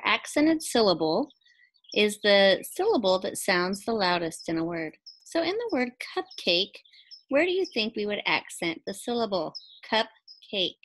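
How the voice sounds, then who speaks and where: A woman teacher giving a recorded phonics lesson to second graders, speaking slowly and clearly and pausing for imagined answers. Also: mid-range voice, fairly bright tone, a little hiss or hum, poor audio. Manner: slow, clearly enunciated teacher talk with pauses for imagined answers.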